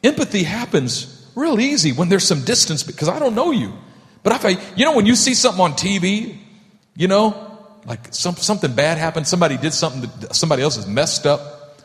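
Animated pastor in an echoey hall. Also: male voice, sits high, a little fast. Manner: animated, acts out voices for humor. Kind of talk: sermon. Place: church.

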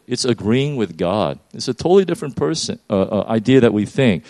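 A man's voice: medium pitch, animated, brisk, few pauses, a little mellow, no room sound. A middle-aged man preaching a casual, conversational sermon. He rambles with many fillers and restarts, and acts out little quoted voices along the way. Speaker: pastor.

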